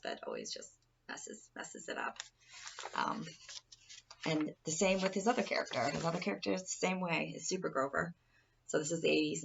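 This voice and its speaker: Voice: medium pitch, creaky, fairly bright tone, husky, muffled recording. A person giving an informal presentation speech in a rambling, casual way, often restarting sentences, recorded from a distance.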